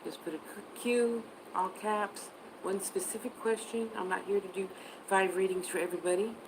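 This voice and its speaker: A woman's voice: medium pitch, fairly even intonation, normal speed, noisy background. A woman on a casual livestream as a psychic reader, chatting and answering viewer comments, sometimes spelling words out.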